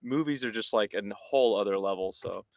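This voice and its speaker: A man's voice: lowish voice, brisk, vocal fry, dry recording, clean studio sound. A man on a podcast panel, telling film moments with enthusiasm. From United States. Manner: enthusiastic, animated storytelling. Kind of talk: casual film discussion.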